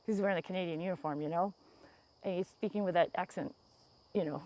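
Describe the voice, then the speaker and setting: A woman's voice: fairly low pitch, quick pace, warm tone. A woman from the United States hosting a rambling, casual livestream outdoors, reading viewer comments aloud and laughing often, speaking into an earbud mic. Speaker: livestream host. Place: outdoors in the woods. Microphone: phone earbud used as microphone.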